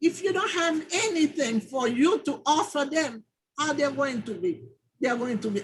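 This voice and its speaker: A middle-aged woman with a high voice co-presents in a relaxed, chatty way. She tells animated stories and acts out the things people say to her. A faint hiss runs under her voice. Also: moderate pace, low-quality recording. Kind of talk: informal presentation.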